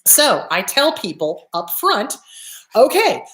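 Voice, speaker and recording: A woman's voice: a little high, big pitch swings, slow pace, fairly bright tone. Blunt, emphatic woman therapist. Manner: blunt, emphatic, swears freely, acts out quoted voices. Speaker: therapist and show host. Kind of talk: blunt advice talk. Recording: echoey room.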